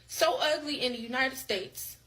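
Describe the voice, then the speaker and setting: Bright high-voiced mocking woman. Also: moderate pace, rough recording. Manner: mocking, laughs between points. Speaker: commentator in a played clip. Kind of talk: opinionated monologue.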